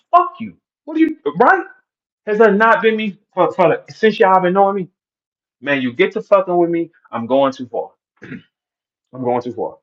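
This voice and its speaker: A man's voice: on the high side, lo-fi sound. A man hosting an online audio room, ranting aggressively and mockingly with heavy profanity.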